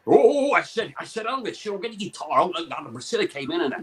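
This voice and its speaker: A man's voice: sits high, big pitch swings, quick pace. A man putting on a Welsh accent as a rambling, boastful old-school crooner. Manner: rambling showbiz anecdote.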